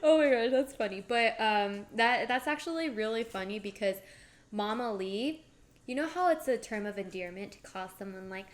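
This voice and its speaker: Bubbly high-voiced woman chatting while cooking. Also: lively intonation, normal speed. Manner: bubbly, giggly, talks to chat while cooking. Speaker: cooking streamer. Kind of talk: casual cooking stream chat.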